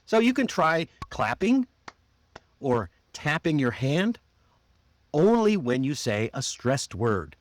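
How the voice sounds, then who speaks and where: American guy teaching accent stuff, really slow and careful, dry close sound. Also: fairly high pitch, sing-song, dry recording. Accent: General American. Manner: slow, deliberate, drawn-out model phrases. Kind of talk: online accent lesson.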